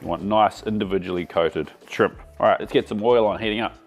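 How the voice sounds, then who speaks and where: Talking as he cooks, this Australian cooking show host keeps a casual demonstration chatty and enthusiastic. He speaks briskly in a fairly low pitch, with soft background music behind him.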